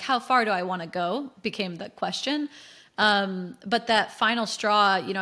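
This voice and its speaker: Chatty American woman telling her story. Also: mid-range voice. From United States. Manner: chatty, animated, frequent fillers and laughs. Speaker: podcast guest. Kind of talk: candid interview storytelling.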